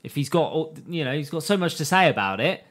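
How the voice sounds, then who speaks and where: A man's voice: on the high side, lively intonation, quick pace, a bit bright. A man co-hosting a podcast, chattily retelling scenes from a show in a casual recap. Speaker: podcast co-host.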